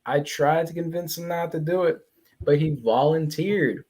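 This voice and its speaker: A defensive alien hero who argues his side a little higher than normal talk, as a man puts him on. He speaks in a casual, everyday way. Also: normal speed, darkish tone, natural voice. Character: defensive male alien ally, gruff.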